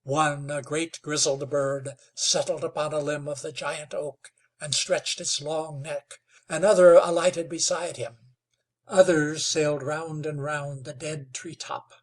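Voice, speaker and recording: A man narrating a western novel in a slow, dramatic storytelling manner. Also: fairly high pitch, fairly even intonation. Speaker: audiobook narrator. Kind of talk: scripted narration.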